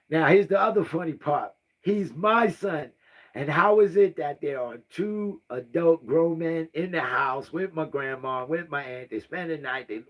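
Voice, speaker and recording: A man in his fifties telling a personal family story, rambling and repeating himself, often asking "right?" and sighing. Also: a little high. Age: 50s. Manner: rambling and repetitive, often asks "right?" and sighs. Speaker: vlogger.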